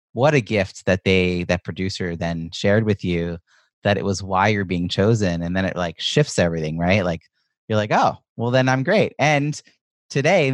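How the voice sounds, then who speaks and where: A man's voice: fairly low pitch, no echo, studio quality. A man hosting a podcast interview, chatting enthusiastically and casually, with lots of "like" fillers. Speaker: podcast host and coach.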